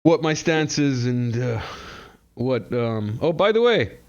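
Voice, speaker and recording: A man's voice: mid-range voice, very animated, takes it slowly. A man hosting a casual talk show, joking around with chuckling asides. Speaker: host. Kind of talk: casual chat. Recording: dull lo-fi audio.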